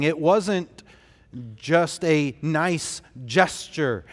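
A man's voice: a little high, unhurried, big-room sound. A man preaching a sermon as pastor, telling the story in an earnest, emphatic way.

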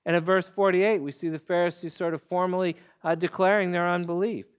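A man preaching an expository sermon in a measured, emphatic way, leaning on pointed pauses. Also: high-pitched, steady tone, smooth, dull audio.

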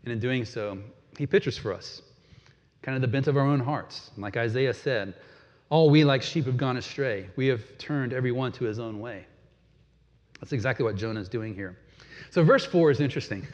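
A man preaching a sermon in a relaxed, conversational way, chuckling now and then and repeating words as he goes. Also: mid-range voice, normal speed, big-room sound, muffled recording. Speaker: pastor.

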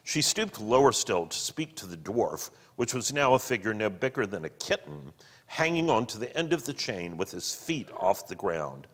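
A man reading a book aloud and commenting on it, slow and expressive. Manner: slow and expressive, with wide pitch swings. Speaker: reader and teacher. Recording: long hall reverb.

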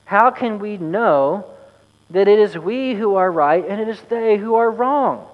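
A man voicing a puzzled male author who questions a sage haltingly, in a reverberant church hall. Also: high-pitched, lively intonation, voice pushed up. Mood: doubtful.

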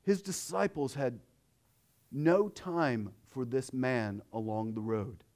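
A man preaching a sermon, dropping to a hush and then rising loud, acting out the voices of the crowd. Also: medium pitch, slow pace. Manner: dramatic swings from hushed to loud.

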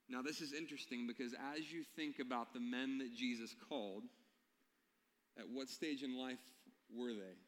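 A man preaching a sermon, telling stories and asking his listeners questions. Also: mid-range voice. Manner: storytelling, asks the congregation questions. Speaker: pastor. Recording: long hall reverb.

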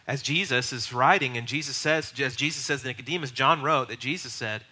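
A young male pastor teaching in an easy, conversational way and slipping into quoted voices. His tone is very bright and forward, and his pitch sits in the middle of the male range. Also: fairly quick, slightly rough. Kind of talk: sermon teaching.

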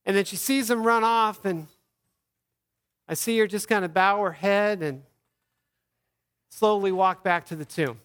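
A man, a pastor, giving an Easter sermon, telling the story earnestly and acting out quoted lines softly. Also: sits high, measured pace, pauses often, smooth.

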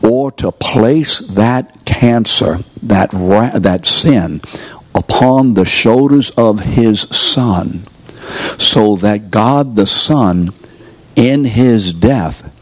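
A man with a fairly low-pitched voice preaches to people in a room, coaxing them to answer as he presses rhetorical questions. He is a preacher teaching a course, and the sermon is recorded with no room sound.

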